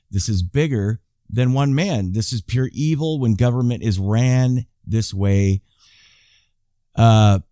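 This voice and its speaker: A man's voice: lowish voice, dark tone, no echo, clean studio sound. A man in his fifties giving casual YouTube commentary, reading viewer emails aloud and rambling with frequent restarts and asides to his viewers. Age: 50s.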